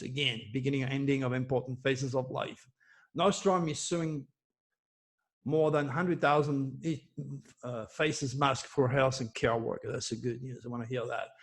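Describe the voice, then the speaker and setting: A man delivering a solo commentary as an astrologer, reading news headlines and preaching with impassioned emphasis and repeated phrases. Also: mid-range voice. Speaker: astrologer giving predictions.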